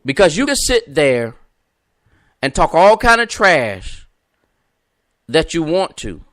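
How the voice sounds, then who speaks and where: A man's voice: a little high, big pitch swings, takes it slowly, fairly bright tone, no room sound, clean studio sound. Emphatic preacher-style man hosting live. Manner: emphatic, repetitive, preacher-like cadence; talks to viewers and callers by name. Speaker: podcast host. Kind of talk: live-stream preaching talk.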